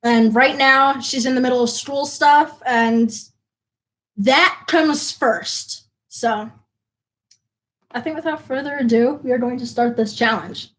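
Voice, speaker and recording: A woman's voice: sits high, slow, fairly bright tone, poor audio. A woman hosting a casual live stream food challenge, bossy and teasing, laughing often. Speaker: stream host.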